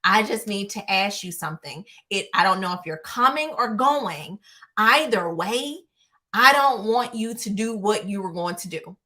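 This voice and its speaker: A bold, pushy young man, as a woman storyteller puts him on presses his case in a hurried, insistent rush. The voice stays bright and close to an ordinary middle pitch. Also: expressive.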